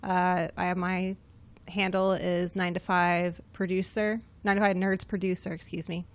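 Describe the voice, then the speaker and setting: A woman producing and co-hosting a podcast, speaking in a brisk, practical way with dry quips. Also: fairly low pitch, little pitch movement. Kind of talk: casual podcast chat.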